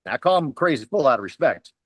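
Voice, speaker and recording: A man's voice: mid-range voice, very animated, fast, fairly bright tone, dry recording. Fiery motivational man, dry close sound. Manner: fiery, preachy, emphatic repetition. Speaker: team leader speaking at a company huddle. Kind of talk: motivational pep talk.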